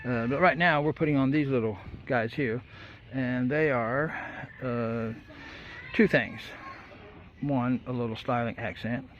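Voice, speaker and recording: Folksy rambling man, casual shop walkthrough, muffled lo-fi sound, loud roosters and traffic behind. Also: medium pitch, a little slow. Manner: folksy, rambling, many fillers. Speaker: vlogger building a boat.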